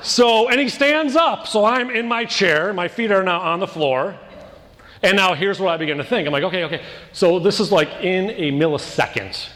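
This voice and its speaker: A man preaching a sermon as pastor, telling a personal story with animated quoted voices and building into emphatic repeated lines. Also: high voice, moderate pace, long reverb tail.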